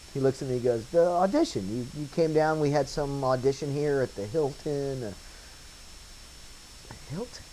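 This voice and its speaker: A man recalling a story in a casual documentary interview, telling it with lively anecdotes and acting out the voices he quotes. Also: mid-range voice, slight background noise, rough recording. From Wilmington, North Carolina area. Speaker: interviewee, former set painter turned bit actor.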